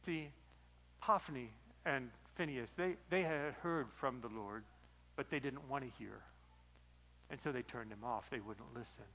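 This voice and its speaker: A man as pastor preaching a sermon, retelling a story in a lively, storytelling way. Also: mid-range voice, a little slow, creaky, poor audio.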